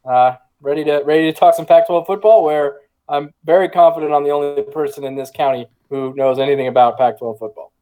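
A man's voice: on the high side, steady tone, brisk, few pauses, warm tone, low-quality recording. A man co-hosting a casual sports podcast remotely, dry and matter-of-fact in an easygoing way. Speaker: podcast co-host. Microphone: remote call.

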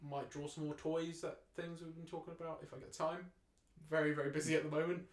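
A man's voice: a little high, little pitch movement, fast talker, reverberant. A man co-hosting a podcast, chatting casually, laughing and trailing off. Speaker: podcast co-host, cartoonist. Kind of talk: casual chat.

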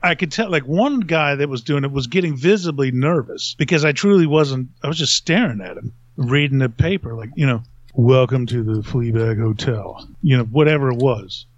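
A man's voice: on the high side, fairly quick, few pauses, no room sound. Middle-aged male host, casual rambling storyteller who laughs at himself; dry, dull-sounding audio. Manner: rambling, self-mocking, laughs at own stories. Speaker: podcast host.

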